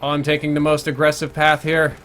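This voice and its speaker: Young male streamer, a bit high-pitched, loose and talkative, answers chat while he plays. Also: completely flat delivery, a little fast, fairly bright tone, faint music behind. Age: young adult. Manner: rambling, thinks aloud, answers viewer questions between plays. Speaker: game streamer. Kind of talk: live gameplay commentary chat.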